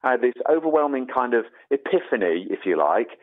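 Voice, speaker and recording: An English man, a guest expert, telling a story in an animated, emphatic way. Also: mid-range voice, fairly quick. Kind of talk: enthusiastic conversation. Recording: tinny phone-like line.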